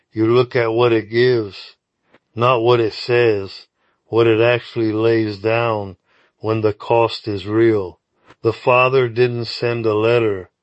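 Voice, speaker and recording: A man's voice: medium pitch, no room sound. A man hosting a scripted daily devotional, speaking earnestly and directly to the listener. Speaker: devotional host.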